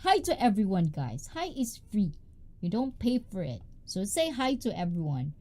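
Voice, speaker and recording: A woman, hosting a casual livestream in a loud, bubbly, chatty way and greeting viewers by name. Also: very animated, normal speed. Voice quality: high-pitched. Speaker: livestream host.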